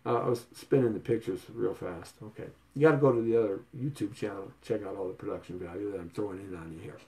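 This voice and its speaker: Speaking quickly with a somewhat dark tone, this male real estate host gives viewers a showy, playful sales spiel full of stuttering gags and sing-song repeats.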